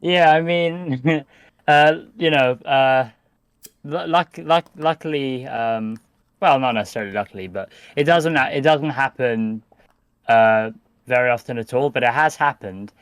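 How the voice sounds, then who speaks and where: A man's voice: mid-range voice, a little slow, smooth, dry recording. A British man, a podcast guest, chatting hesitantly with many fillers and restarts. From United Kingdom. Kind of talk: casual podcast chat.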